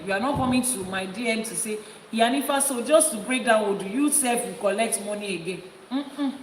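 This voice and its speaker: A woman's voice: mid-range voice, far from the mic. A woman with a Nigerian accent giving an emphatic spiritual teaching as an Ifa priestess, repeating key points for stress. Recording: echoey hall with background noise.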